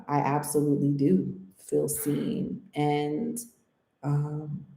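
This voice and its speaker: A woman's voice: low voice, warm tone. Earnest woman talking in a roomy echo. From United States. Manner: earnest, thinking aloud, frequent "right?" tags. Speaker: interviewee, channel host. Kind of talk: casual reflective interview talk.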